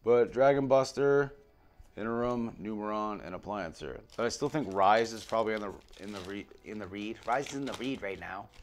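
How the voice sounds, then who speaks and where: Male vlogger, low and gravelly, casual pack-opening chatter, mutters card names, swears freely. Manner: rattles off card names, swings between muttering and excited outbursts, swears freely. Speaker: card pack opener on a video channel.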